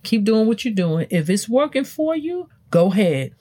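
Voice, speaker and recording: A woman's voice: very animated, normal speed, dark tone. A woman hosting a self-help show, talking emphatically in a motivational, preachy way. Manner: preachy, emphatic, wide swings in pitch. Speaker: self-help podcast host. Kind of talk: motivational talk.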